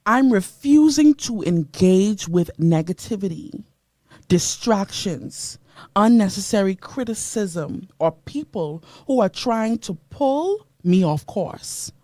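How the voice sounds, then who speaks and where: A woman's voice: medium pitch, lively intonation, slow pace, warm tone, dry recording. A woman from the Bahamas hosting a motivational radio show, emphatic and preachy, greeting listeners by name from a studio mic.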